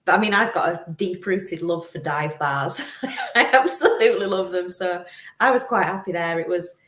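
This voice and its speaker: A woman guest on a chat show talking about ghost hunting, lively and quick to laugh. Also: lowish voice, reverberant. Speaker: paranormal investigator guest. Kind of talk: casual chat.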